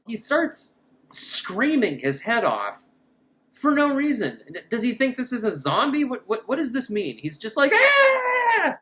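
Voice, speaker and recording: Female host, film recap, incredulous and sarcastic, very animated pitch. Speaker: film reviewer. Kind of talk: comedic movie recap.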